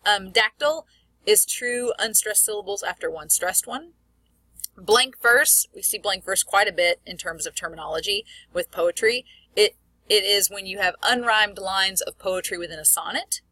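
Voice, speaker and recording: Woman, college instructor; casual explanatory lecture delivery, bright tone, dry close sound. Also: mid-range voice, no echo. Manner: explanatory, reads example words slowly with stress; casual with fillers. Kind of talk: recorded lecture.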